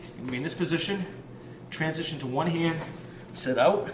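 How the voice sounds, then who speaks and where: A man's voice: a little high, fairly quick. Man coaching drills in a roomy gym. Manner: energetic, counts reps while exercising. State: out of breath at times. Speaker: fitness coach. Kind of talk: demonstrating warm-up drills. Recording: roomy, distant mic with ambient noise.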